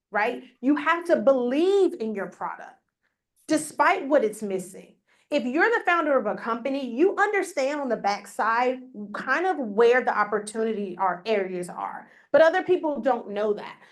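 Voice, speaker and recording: A woman leading a live business workshop, coaching the room in an upbeat, direct way. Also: on the high side. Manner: upbeat, coaching, speaks straight to the audience. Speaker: workshop presenter. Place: conference room with a live audience. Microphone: on a mic, recorded for a hybrid audience.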